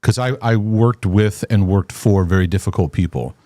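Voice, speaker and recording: A man hosting a casual live stream who speaks in a halting, laid-back way and often repeats his words. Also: on the low side, dark tone, no room sound. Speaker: host.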